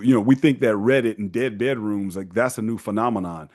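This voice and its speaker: A man hosting a casual advice monologue, talking in an animated way and mocking the people he quotes. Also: lowish voice, brisk, hardly any pauses. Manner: animated, acts out quoted parents in mocking voices. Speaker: host giving men's advice.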